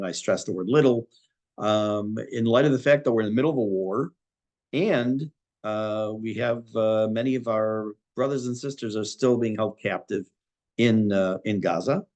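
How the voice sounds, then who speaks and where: A middle-aged man, a rabbi giving a Torah class, talking thoughtfully many pauses and restarts. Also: lowish voice, darkish tone.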